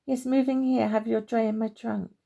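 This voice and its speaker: A woman voicing a wise, kindly old tree that speaks warmly and encouragingly. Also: on the high side, steady tone, normal speed, creaky.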